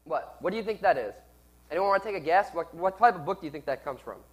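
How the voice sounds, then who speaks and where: A man's voice: high voice, animated, fast talker, poor audio. A man who is a little sick, preaching and teaching in a conversational way and asking his listeners questions. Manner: conversational, asks the audience questions. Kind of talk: sermon and teaching.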